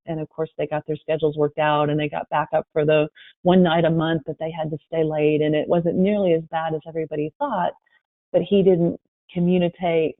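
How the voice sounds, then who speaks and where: A woman presents a webinar, telling workplace stories with lively quoted voices. Her voice comes through a thin, phone-like line with no room sound at all. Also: low-pitched, no echo. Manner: lively storytelling, acting out quotes. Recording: tinny phone-line audio.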